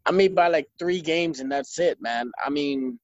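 A man's voice: fairly high pitch, moderate pace, no room sound, dull audio. A man on a video call chatting casually about games, easygoing and full of fillers. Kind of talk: casual chat.

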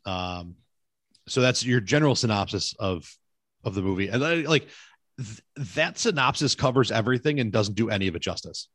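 A man's voice: on the low side, animated, moderate pace, fairly bright tone, no room sound. Chatty man on a dry call mic. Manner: rambling, self-correcting, chatty. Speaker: podcast co-host. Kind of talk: casual movie podcast chat. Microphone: remote video call recording.

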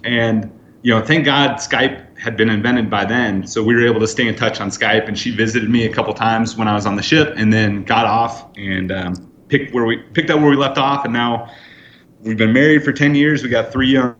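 A man's voice: medium pitch, normal speed. Man, 30s, podcast guest, chatty storyteller, roomy lo-fi sound. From United States. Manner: lively anecdotes with acted-out quotes. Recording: roomy, slightly dull sound.

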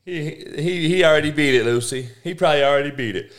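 A man hosting his own podcast, rambling casually and profanely, with big swings in pitch as he gets worked up. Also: brisk. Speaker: podcast host; coach. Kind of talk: casual solo podcast rant.

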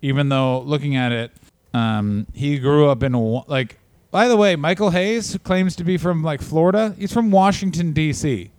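Swearing podcast guy riffing on wrestling, kinda high voice, dry close sound. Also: normal speed, a little mellow, dry recording. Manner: profane, riffing, breaks into silly mock accents. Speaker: podcast co-host. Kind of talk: casual comedic chat.

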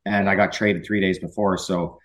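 A man's voice: sits low, flat delivery, moderate pace. A man, a former pro hockey player, chatting as a podcast guest and telling rambling stories with many restarts. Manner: rambling storyteller with frequent restarts. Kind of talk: casual chat.

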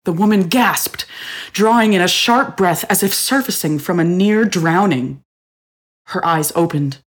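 Female narrator for audio fiction, low register, steady expressive reading. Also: measured pace, breathy edge. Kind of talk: scripted story narration.

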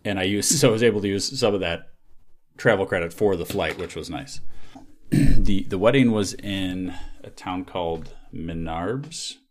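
Deep-voiced man rambling on a podcast. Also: expressive, measured pace. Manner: rambling, lots of filler words and restarts. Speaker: podcast host. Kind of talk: casual chat.

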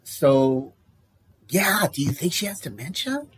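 A man's voice: on the high side, very animated, a little slow, a little hiss or hum. A man on a podcast telling a rambling, self-deprecating story in casual chat, laughing often.

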